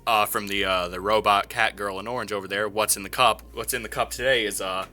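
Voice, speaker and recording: A man's voice: fairly low pitch, fairly even intonation, fairly quick, pushed and bright, faint music behind, pitched below the performer's own voice. A man putting on a formal intercom announcer voice to read chat questions during an esports stream. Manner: stiff, formal announcing with filler hesitations. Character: formal adult male live-show intercom announcer. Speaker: esports caster.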